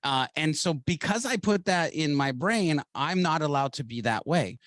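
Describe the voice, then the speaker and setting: A male interview guest telling stories in an emphatic, upbeat way, dropping lower and quieter on his main points. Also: animated, moderate pace, dry recording. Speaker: guest, marketer. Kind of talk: conversational interview.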